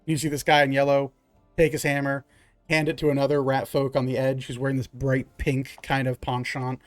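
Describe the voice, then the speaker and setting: A man's voice: mid-range voice, completely flat delivery, a little fast, no room sound, soft background music. A man narrating as game master in a loose, filler-filled way.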